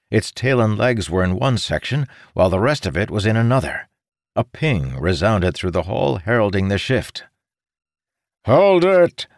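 A man narrating a fantasy story as an audiobook reader, in a dramatic, expressive read that leaps up for the characters' shouts. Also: on the low side, no room sound, clean studio sound.

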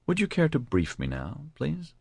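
A man's voice: a little high, huge pitch swings, moderate pace, vocal fry, a little mellow, husky, no echo, pitched above the performer's own voice, heavily acted. A man reading the part of a harried male police chief with dry, terse speech.

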